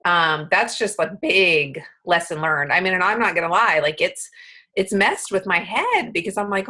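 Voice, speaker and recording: A woman in her late thirties, a guest speaker telling a self-deprecating story in casual, animated chat. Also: fairly low pitch, a little slow, low-quality recording.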